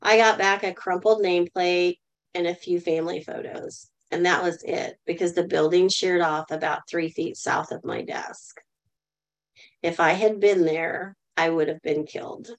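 A woman's voice: on the low side, fairly even intonation, a little slow, poor audio. A middle-aged woman telling a personal story as a guest in a live online talk, earnestly, and asking the audience to answer in the chat. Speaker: guest speaker.

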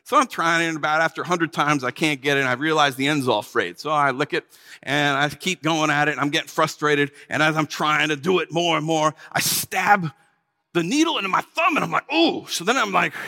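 A man delivering a dramatic first-person sermon, telling the story in an animated, exclamatory way. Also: a little high, brisk, big-room sound. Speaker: preacher.

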